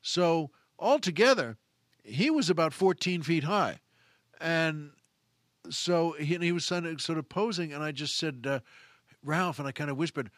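A man's voice: on the high side, moderate pace, a bit bright, no echo. Chuckling man telling a rambling story. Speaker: podcast host. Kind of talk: casual storytelling monologue.

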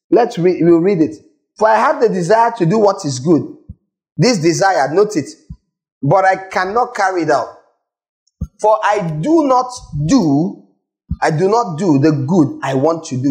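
This preacher's voice is high and a little mellow, heard through poor audio. Scolding his congregation with emphasis, he asks them questions directly and says the same points again and again.

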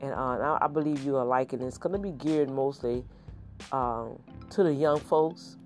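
A middle-aged podcast host talking in a loose, excitable and folksy way, repeating pet phrases like a preacher. The voice sits in an ordinary middle pitch. Soft music plays faintly underneath. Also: moderate pace. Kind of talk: casual podcast monologue.

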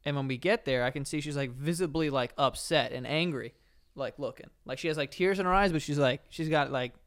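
A man co-hosting a podcast, telling a story in casual chat with lots of "like" fillers and an animated delivery. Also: fairly high pitch, fairly quick. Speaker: podcast co-host.

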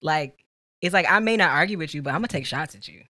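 A woman's voice: deep voice, expressive, fast talker, pushed and bright, dry recording, studio quality. A woman chatting casually with her partner on a podcast, teasing him playfully and laughing often. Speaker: podcast co-host. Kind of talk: casual couple chat. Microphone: studio mic.

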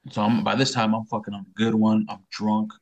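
Man guest, lowish voice, casual storytelling, heavy cursing and slang, rambling. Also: flat delivery, a little fast, darkish tone. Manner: profane street slang, loose rambling delivery. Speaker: podcast guest.

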